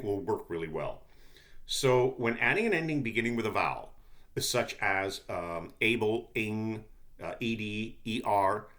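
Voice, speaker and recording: A man's voice: on the low side, a bit bright. A male lecturer giving a conversational recorded lesson, often checking in with "okay?" and restarting his sentences.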